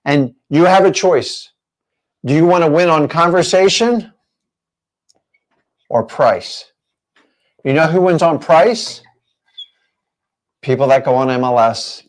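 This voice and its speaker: A man's voice: fairly high pitch, a little slow, pauses often. A man teaching a real estate training session, emphatic and full of rhetorical questions.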